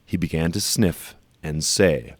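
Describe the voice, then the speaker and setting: Storybook reader: man, very deep voice, slow and emphatic, dry close sound. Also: slightly rough, no echo. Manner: slow, emphatic on repeated phrases. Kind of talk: storybook read-aloud.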